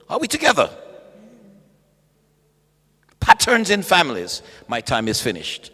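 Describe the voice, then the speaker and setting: A man preaching at a bible study, animated, calling out to the congregation and acting out voices. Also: a little high, fairly quick. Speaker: pastor. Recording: echoey hall.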